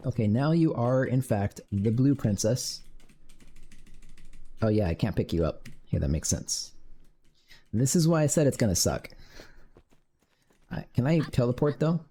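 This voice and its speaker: Gravelly low-voiced man muttering while coding. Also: very animated, measured pace, long pauses, dark tone. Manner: mutters while coding, swears when frustrated. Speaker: game developer streaming his work. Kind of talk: casual live-coding commentary.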